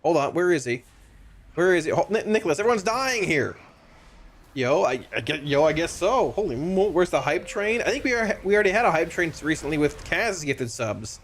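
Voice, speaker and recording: A man streaming a game live, talking casually to his viewers, excitable and stammering, often repeating himself. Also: on the high side, fairly quick.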